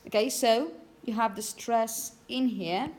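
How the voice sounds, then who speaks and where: A woman teaching phonetics to a class, repeating example words slowly and checking understanding with frequent "okay?". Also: a little high, darkish tone. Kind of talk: classroom lecture.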